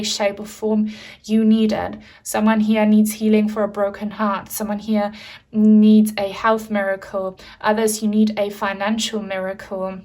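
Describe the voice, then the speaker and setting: A woman's voice: mid-range voice, darkish tone. A woman giving a pick-a-card tarot reading, talking in an emotional, reassuring way with many fillers. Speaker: tarot reader.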